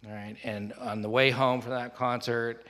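Bright-voiced man telling a story. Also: medium pitch, little pitch movement, moderate pace. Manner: rambling and self-deprecating, with frequent fillers and asides. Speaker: speaker sharing a recovery story. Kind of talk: personal storytelling. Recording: long hall reverb.

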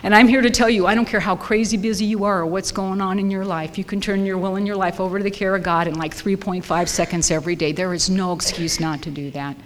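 A woman in her fifties from Southern California, sharing a wry, lively personal story with a support group meeting. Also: mid-range voice, fast, few pauses. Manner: lively, wry, acts out her own reactions. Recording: long hall reverb, faint noise.

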